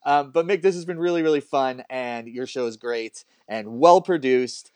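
A man's voice: medium pitch, moderate pace, darkish tone, clean tone, no echo. A man hosting a podcast, chatting casually and encouraging his guest in an upbeat way. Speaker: podcast host. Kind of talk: casual interview chat.

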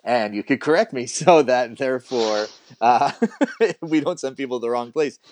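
A man's voice: mid-range voice, moderate pace, darkish tone, a little hiss or hum. A man hosting a podcast, chatting casually and encouraging his guest in an upbeat way. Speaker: podcast host. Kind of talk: casual interview chat.

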